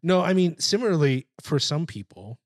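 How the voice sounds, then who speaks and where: A man co-hosting a casual film chat, opinionated and profane, talking in an animated way. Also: a little high, moderate pace, no room sound, studio quality.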